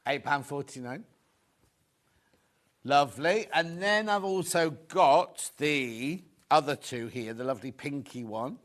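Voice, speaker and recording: Chatty man, lively high voice. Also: a little slow. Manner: chatty, rambling, full of anecdotes. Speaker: shopping channel presenter. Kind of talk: live TV shopping presentation.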